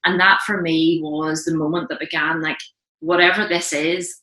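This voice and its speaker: Bright-voiced woman, echoey room. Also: low voice, fairly even intonation. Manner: earnest, halting, many restarts. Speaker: interview guest. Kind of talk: casual interview, personal testimony. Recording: roomy echo.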